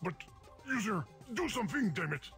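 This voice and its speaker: An exasperated talking game. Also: male voice, high-pitched, very animated, normal speed, creaky, fairly bright tone, faint music behind, full character voice. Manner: exasperated, pleading. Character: flustered talking game, male, put-upon.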